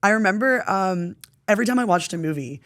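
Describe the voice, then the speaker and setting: A woman's voice: mid-range voice, animated, quick pace, fairly bright tone. A young woman chatting as a podcast guest, laughing often and swearing casually. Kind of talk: casual interview chat.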